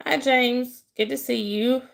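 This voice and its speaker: A woman's voice: high voice, fairly even intonation, a little slow, creaky. A woman hosting a casual live stream, greeting viewers and teasing them with frequent laughter.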